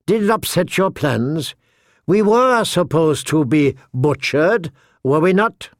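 A man's voice: fairly high pitch, expressive, slow, no room sound, studio quality. A man voicing a bitter, sarcastic dwarf lord in an audiobook reading, with biting retorts. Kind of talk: audiobook character voice.

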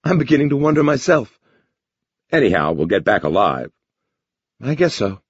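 A man voicing a female space commander whose soft, hesitant voice quavers, in a dull lo-fi recording. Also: medium pitch, big pitch swings, moderate pace, husky, dry recording, pitched above the performer's own voice. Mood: uneasy.

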